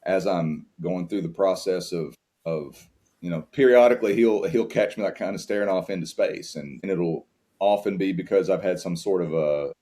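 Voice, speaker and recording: A very deep-voiced man speaks as a podcast guest, earnest and open as he reflects on fatherhood. His talk is warm in content but plain, full of restarts as he searches for words. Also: normal speed. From United States. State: tearing up at times.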